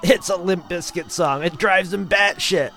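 A man's voice: high-pitched, a little slow, fairly bright tone, soft background music, pitched above the performer's own voice. A man voicing an annoyed, half-drunk male zoo worker who grumbles and mocks.

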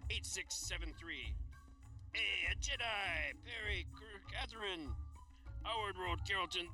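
A man doing a gruff alien junk dealer with a high, very bright, edgy voice. He reads out names, addresses and numbers in a wheedling put-on accent. Faint music plays behind him. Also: full character voice, low-quality recording. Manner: reading phone book entries in a put-on accent.

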